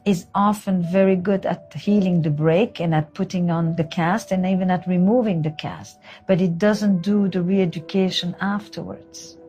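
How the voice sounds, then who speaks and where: Low-voiced woman therapist, calm and direct. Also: normal speed, hardly any pauses, faint music behind. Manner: calm and direct, switching between French and English. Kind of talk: guiding a couples therapy session.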